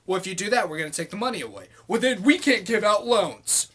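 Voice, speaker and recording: High-voiced man in an angry, profane rant. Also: lively intonation, quick pace, hardly any pauses, a bit bright, slightly rough, low-quality recording. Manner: profane, exasperated, sarcastic. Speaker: vlogger. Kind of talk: angry rant reading out comments.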